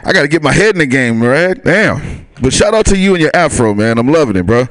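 A man's voice: on the high side, very animated, fairly quick, a bit bright, no echo. A man working a stand-up set on a small club stage, his voice swinging up and down as he chuckles through his lines. He keeps talking to the crowd in a loose, easy way. The sound is dry and close on a handheld mic. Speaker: stand-up comic.

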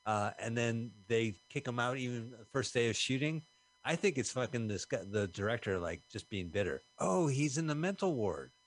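A man's voice: medium pitch, moderate pace. A man co-hosting a radio show, riffing and joking in loose, casual banter about a movie. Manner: jokey, riffing, trailing off mid-thought. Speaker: radio co-host. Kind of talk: casual film-talk banter.

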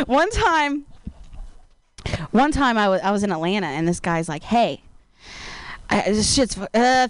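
A woman doing stand-up comedy, telling a rambling, laid-back story full of "like". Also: high-pitched.

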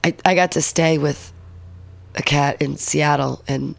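A woman's voice: low-pitched, steady tone, unhurried, creaky, no room sound. A woman in her forties hosting a radio show alone, rambling and swearing, emotional as she talks. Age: 40s. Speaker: radio host. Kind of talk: casual solo radio talk.

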